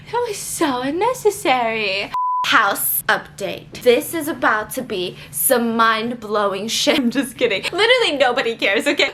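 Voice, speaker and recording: Over a noisy background, a high-pitched woman vlogger tells a story in a casual chat. She's animated, laughs often, and acts out what people said.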